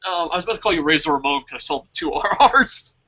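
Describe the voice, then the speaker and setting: High-voiced, rambling, profane male host. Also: lively intonation, fast talker, bright, forceful tone, low-quality recording. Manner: rambling, profane, laughing often. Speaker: wrestling show host. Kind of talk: casual podcast chat.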